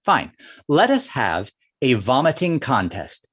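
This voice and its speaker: A man's voice: medium pitch, huge pitch swings, slow, fairly bright tone, breathy edge, no echo, clean studio sound, exaggerated voice. Frog, a man playing a sly boastful frog. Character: small clever male frog, boastful trickster.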